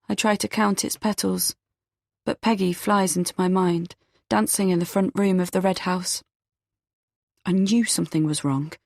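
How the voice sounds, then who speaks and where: A woman's voice: mid-range voice, no echo, studio quality. A woman narrating a first-person audiobook, giving characters small shifts of voice and dropping to a whisper for some lines.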